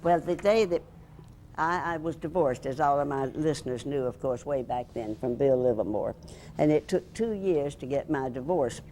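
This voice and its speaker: Low-voiced older woman telling stories. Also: normal speed, a little hiss or hum. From Alabama, USA. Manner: lively storyteller who acts out the voices in her anecdotes. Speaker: interviewee, former radio host and reporter. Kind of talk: storytelling reminiscence.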